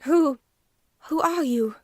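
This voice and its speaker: A woman's voice: sits high, slow pace, no echo, studio quality, voice pushed up. A woman putting on a frightened young lady.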